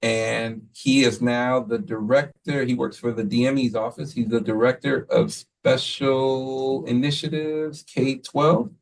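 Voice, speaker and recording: A man who leads a school, giving a relaxed, rambling report to the board, full of fillers and quoted asides. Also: medium pitch, measured pace, vocal fry, hardly any pauses, recorded from a distance, slight background noise, rough recording. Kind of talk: casual spoken report at a meeting.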